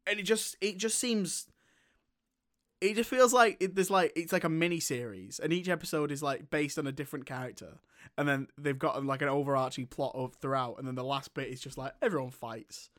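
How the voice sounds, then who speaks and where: A man's voice: fairly high pitch, fairly quick, fairly bright tone. A young man, co-hosting a casual film chat, rambling and swearing with lots of restarts. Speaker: podcast co-host.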